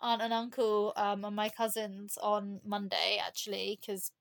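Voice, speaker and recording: A woman's voice: medium pitch, completely flat delivery, measured pace, creaky. A woman chatting as a podcast guest, telling rambling stories and laughing often. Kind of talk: casual chat.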